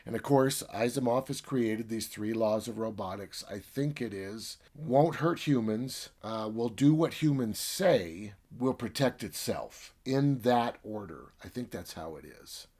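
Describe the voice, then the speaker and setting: A man's voice: lowish voice, measured pace, few pauses, a little mellow. Chatty man retelling a story. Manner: chatty, filler-heavy retelling. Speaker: book reviewer.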